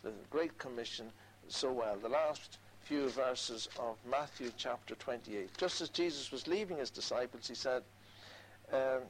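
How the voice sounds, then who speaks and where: A man's voice: mid-range voice, unhurried, a little hiss or hum, poor audio. A man preaching a sermon, earnestly quoting scripture and repeating key phrases for emphasis.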